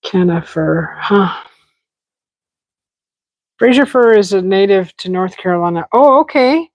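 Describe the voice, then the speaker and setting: A livestream host talks casually with her viewers from a desert yard, giggling and frequently starting over mid-thought. Her mid-range voice is expressive and measured. There's no echo, though the audio quality is poor.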